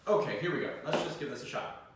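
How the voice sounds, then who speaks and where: A man's voice: medium pitch, animated, fast talker, music in the background. Chatty young man in an echoey room. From United States. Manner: chatty, self-deprecating, trails off. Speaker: organist and video host. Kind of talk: casual talk while sight-reading. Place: room with an organ. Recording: very echoey room, mic at a distance.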